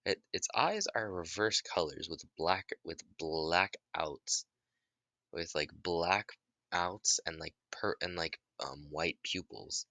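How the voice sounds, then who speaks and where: A man with a low but bright, lively voice rambles through an improvised story, stumbling over fillers. The recording is dry and close. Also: slow, no echo.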